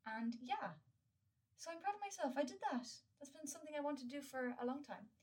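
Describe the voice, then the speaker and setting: A woman's voice: high-pitched, animated, brisk, a little mellow, recorded from a distance. A young woman hosting her own podcast, talking candidly and earnestly in a casual solo monologue, swearing freely and with many fillers. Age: young adult. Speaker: podcast host.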